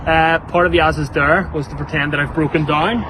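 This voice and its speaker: A man's voice: on the high side, brisk. A man explaining to camera outdoors that he has to pull off a prank dare, sounding reluctant. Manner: nervous, flat, reluctant. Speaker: prank show contributor. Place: outdoors at a city waterfront. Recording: outdoor video with traffic noise. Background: traffic.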